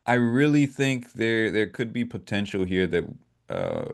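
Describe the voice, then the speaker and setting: Low-voiced man, measured and hesitant. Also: huge pitch swings, creaky. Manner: measured, hesitant, with fillers and dry humor. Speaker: podcast co-host. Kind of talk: casual political talk.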